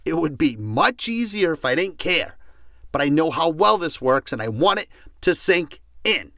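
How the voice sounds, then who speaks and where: A man's voice: on the high side, sing-song, normal speed, no room sound, clean studio sound. A man teaching a motivational audio course, passionate and emphatic, repeating key words for force. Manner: passionate, emphatic repetition, gets loud. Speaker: self-help speaker.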